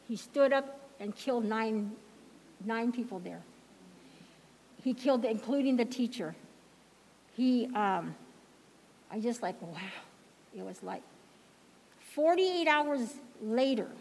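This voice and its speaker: A woman's voice: a little high, darkish tone. A woman giving a heartfelt church lesson on a handheld microphone, telling stories with emphatic repeated phrases. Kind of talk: heartfelt sermon-style storytelling. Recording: long hall reverb.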